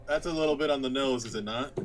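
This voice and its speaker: A man's voice: mid-range voice, quick pace, slight background noise. A man playing in a tabletop game, chatting casually and self-deprecating, laughing often. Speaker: player. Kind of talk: casual chat.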